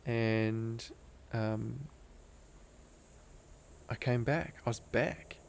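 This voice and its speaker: In a casual storytelling interview, a young man from Australia shares a personal story, earnest and intense and full of "like" fillers. He speaks extremely slowly in a gravelly, medium-pitched voice, with slight background noise.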